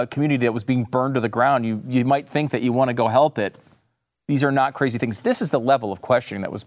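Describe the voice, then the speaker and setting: Mocking man with lively pitch. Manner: mocking, incredulous, mimics voices. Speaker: podcast host. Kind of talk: opinionated commentary.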